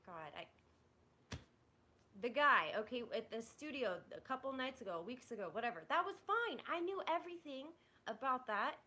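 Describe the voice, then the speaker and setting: Venting to her chat during a livestream, a young woman speaks bluntly and swears, her frustration showing in frequent "like"s and restarted sentences. The pitch is fairly high, and the sound is pushed and bright.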